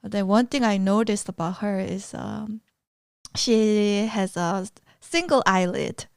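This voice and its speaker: A chatty woman co-hosts a podcast, talking loosely with plenty of "like" and quick laughs. Her voice is smooth and resonant at a middling pitch. The recording is dry and close. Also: no echo. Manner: chatty, laughs often, many fillers. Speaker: podcast co-host. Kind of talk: casual chat.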